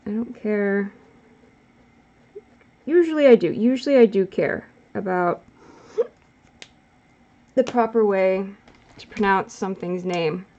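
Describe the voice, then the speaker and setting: A woman's voice: mid-range voice, slow, long pauses, warm tone, dull audio. A woman vlogger chatting casually while she draws, rambling and correcting herself as she goes. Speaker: art vlogger. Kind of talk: casual chat while drawing.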